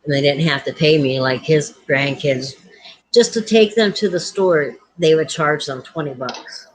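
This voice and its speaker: A woman's voice: deep voice, a little slow, slight background noise, low-quality recording. A woman hosting a casual chat, telling family stories and acting out the voices of the people in them. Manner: animated, acts out quoted voices. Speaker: host.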